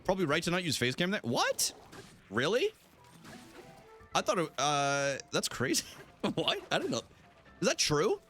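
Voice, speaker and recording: Man, young adult, streamer, casual chat, animated pitch, laughs a lot. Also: normal speed, pauses often, soft background music. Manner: lively, laughs often, chats with viewers.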